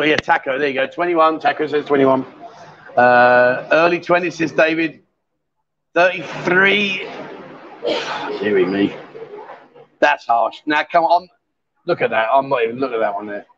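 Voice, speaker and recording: A man's voice: fairly high pitch, normal speed, long pauses, fairly bright tone, a little hiss or hum. A man hosting a live stream from a bar, bantering and teasing his guests in a jokey, chatty way. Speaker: livestream host. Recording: dull lo-fi stream audio.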